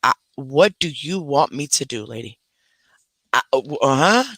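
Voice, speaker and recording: A man hosting a casual livestream from his bedroom at home, telling stories in an animated way and scolding his dogs in between. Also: medium pitch, moderate pace, no echo. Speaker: livestream host. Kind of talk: casual live chat.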